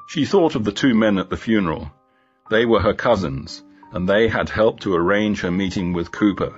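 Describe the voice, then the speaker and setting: Low-voiced man reading a story. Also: normal speed, highs cut off, soft background music. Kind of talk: graded reader story narration.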